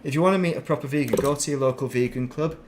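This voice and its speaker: A man's voice: mid-range voice, racing, a little hiss or hum. Rambling man streaming. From northern England. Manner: rambling, chatty, self-mocking. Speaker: game streamer. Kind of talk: casual chat while streaming gameplay.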